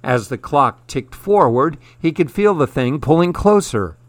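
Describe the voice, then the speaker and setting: Slow, measured male horror narrator. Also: fairly high pitch, expressive, dry recording. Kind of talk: scripted horror story narration.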